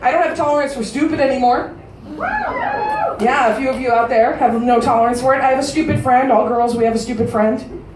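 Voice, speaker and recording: A woman in her thirties doing a crude stand-up comedy set, delivering brash, deadpan punchlines to a live audience in a large casino showroom. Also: high-pitched, a little fast, far from the mic, a crowd in the background. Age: 30s. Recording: roomy live-venue recording from afar.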